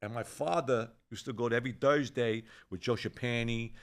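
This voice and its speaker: A man's voice: medium pitch, fairly quick. A man, telling an old neighborhood story in casual chat, swearing freely and acting out the people he quotes. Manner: rough-edged, swears freely, animated when quoting others. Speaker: show host telling a story.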